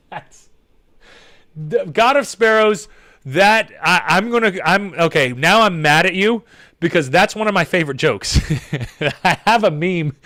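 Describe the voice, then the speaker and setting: A young man hosting his own show, telling a story in a casual, rambling way that gets animated and sweary. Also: a little high. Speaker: podcast host.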